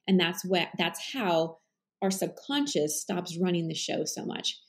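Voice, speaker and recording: Earnest woman coach with a gravelly edge. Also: fairly low pitch, lively intonation, unhurried. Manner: earnest, explanatory, with frequent fillers. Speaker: life coach, podcast guest. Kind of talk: conversational interview.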